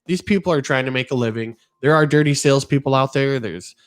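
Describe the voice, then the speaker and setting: A middle-aged podcast host with a medium-pitched voice talks fast in casual chat, rambling earnestly and telling stories with animation.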